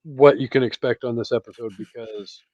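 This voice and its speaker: A man hosting a movie podcast in casual chat, excitable and swearing freely. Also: medium pitch, brisk, dry recording. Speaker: podcast host. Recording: dry, dull lo-fi sound.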